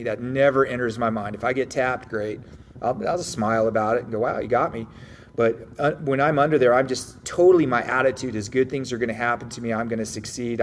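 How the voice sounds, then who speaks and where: A man who teaches jiu-jitsu, answering viewer questions in a casual livestream. His coaching is blunt and upbeat, with mild swearing, and he acts out his own inner thoughts in quick asides. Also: medium pitch, a little hiss or hum.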